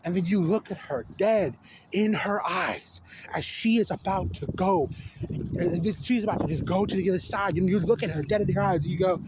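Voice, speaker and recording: Guy with a high voice ranting about a movie into his phone, lots of likes and restarts, faint hiss behind. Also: brisk, a little mellow, rough recording. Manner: rambling, exasperated, lots of fillers and restarts. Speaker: video essayist. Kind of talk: casual film rant. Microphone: phone camera.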